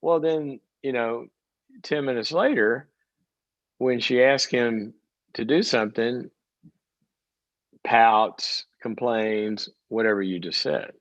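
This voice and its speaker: A man's voice: medium pitch, slow pace, pauses often, no echo, lo-fi sound. A man hosting a call-in advice show, coaching a caller in a direct way and acting out parents and kids in short bursts. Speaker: call-in show host, psychologist.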